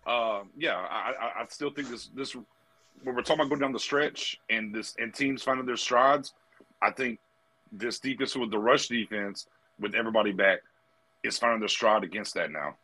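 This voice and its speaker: An older man discussing football defense in casual talk, halting and repeating words. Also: mid-range voice, bright, forceful tone. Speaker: podcast panelist. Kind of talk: casual sports chat.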